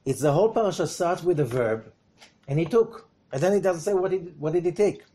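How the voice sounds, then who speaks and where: A man giving a Torah lesson in an animated way, asking rhetorical questions and swinging between loud emphasis and hushed remarks. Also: on the high side, a little fast, slight background noise.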